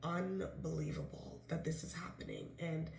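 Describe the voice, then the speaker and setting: A woman telling a story for her vlog in a casual, animated way, acting out the people she quotes. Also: deep voice, moderate pace, vocal fry. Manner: animated, quotes others in dialogue, excited disbelief. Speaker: vlogger, writer-director of a musical. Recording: echoey room.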